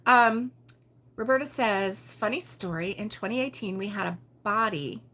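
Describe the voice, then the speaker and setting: A woman from Baltimore hosting a relaxed morning livestream, chatting and giggling as she reads viewer comments aloud. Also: mid-range voice, moderate pace. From Baltimore, USA. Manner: chatty and giggly, with frequent fillers and laughs. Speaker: host of a crochet livestream. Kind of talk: casual morning chat reading viewer comments.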